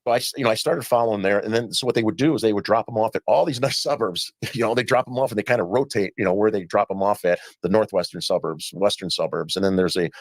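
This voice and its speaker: A man's voice: on the low side, no echo. A man recounting his experiences in an interview, acting out dialogue as he goes. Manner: rapid storytelling with quoted dialogue. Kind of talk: storytelling in a played interview.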